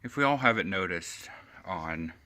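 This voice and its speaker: A man's voice: deep voice, lively intonation, normal speed. Man ranting angrily at his phone camera. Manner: heated, profane, sarcastic, rising to shouting. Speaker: vlogger. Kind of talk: angry political rant to camera.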